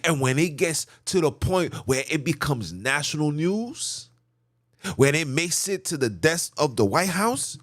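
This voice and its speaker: A podcast host rants in an emphatic, sermon-like way and hammers each point through repetition. His voice sits a little high for a man and swings widely in pitch. The sound is close and dry, with no room echo. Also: big pitch swings, measured pace, fairly bright tone. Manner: preachy, emphatic, repetitive lists. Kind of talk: ranting commentary monologue.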